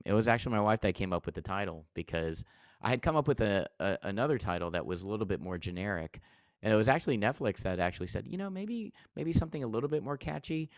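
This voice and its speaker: A man's voice: deep voice, smooth, dry recording. A man giving a casual interview as a comedian and TV host, telling an earnest story and often restarting his sentences.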